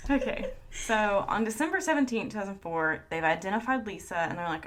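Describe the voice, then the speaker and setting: A woman's voice: medium pitch, brisk. A woman co-hosting a podcast, telling a story in a casual, chatty way and laughing often. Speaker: podcast co-host. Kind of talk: casual chat.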